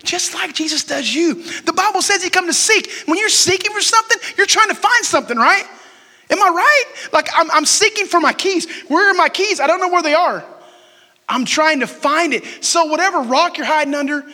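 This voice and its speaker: Pastor, 40s, man, bright and forceful tone, casual sermon that quizzes the congregation. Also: very high-pitched, animated, moderate pace. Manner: conversational, asks the crowd questions and jokes. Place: church sanctuary. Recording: long hall reverb.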